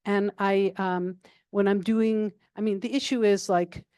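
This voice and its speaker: An older woman answering questions in a calm, even, conversational way, with plenty of "um" and "you know." Her voice is mellow and warm, and the sound is close and dry, with no room around it. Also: mid-range voice, a little slow, clear, resonant tone, no room sound. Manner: calm, level, chatty with many fillers. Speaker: guest speaker. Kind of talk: casual Q&A answers.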